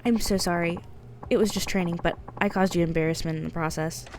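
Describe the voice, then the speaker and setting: A woman's voice: lowish voice, fairly even intonation, a little fast, close to an everyday voice. A woman voicing a timid young woman turned haughty dominatrix, reading game dialogue on stream, scornful and commanding, with faint noise behind. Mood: apologetic.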